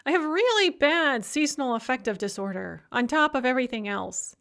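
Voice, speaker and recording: A shrill, self-absorbed young woman, put on by a female audiobook reader who complains endlessly and looks down on everyone. Her voice sits high and leaps around with sniffy emphasis. She sounds superior and put-upon at once. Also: expressive, brisk, a bit bright. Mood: complaining, superior. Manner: condescending, complaining.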